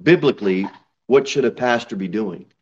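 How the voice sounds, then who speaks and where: A man preaching a sermon in a church, reading scripture aloud and building to emphatic, loud, high peaks. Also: moderate pace. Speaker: pastor. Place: church sanctuary. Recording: slightly dull church recording.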